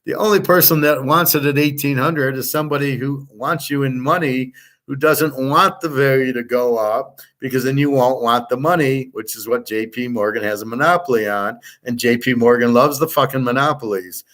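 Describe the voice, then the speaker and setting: A middle-aged man rants bluntly and profanely through a rambling monologue. He lectures his listeners as his students. His voice sits at an ordinary middle pitch. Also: normal speed, fairly bright tone. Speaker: host.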